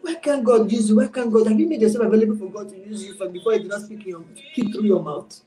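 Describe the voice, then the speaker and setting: A woman's voice: mid-range voice, quick pace, mellow, faint music behind. A woman giving an informal, exhorting online sermon, mixing in pidgin phrases. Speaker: preacher. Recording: roomy echo.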